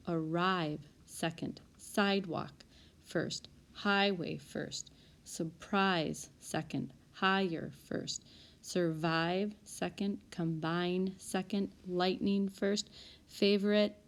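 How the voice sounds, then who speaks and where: A woman teacher going through spelling word lists and sorting them by sound. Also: lowish voice. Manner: reads word lists slowly and clearly. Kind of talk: recorded spelling lesson. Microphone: tablet.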